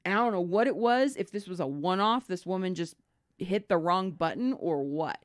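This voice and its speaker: A woman's voice: on the low side, lively intonation, normal speed. A woman co-hosting a podcast, telling a work story in casual chat and swearing freely. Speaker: podcast co-host.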